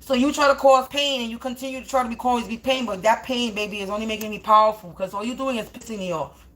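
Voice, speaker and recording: A woman's voice: fairly high pitch, steady tone, fast talker, a bit bright. A woman in a spiritual live stream, ranting in a profane, confrontational, rambling way while smoking, her mouth dry.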